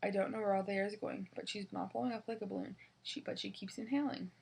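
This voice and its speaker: A woman's voice: medium pitch, fairly even intonation, fast, creaky, a little mellow, slightly rough. A woman reading a children's novel aloud in the first person, with small slips and restarts. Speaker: reader.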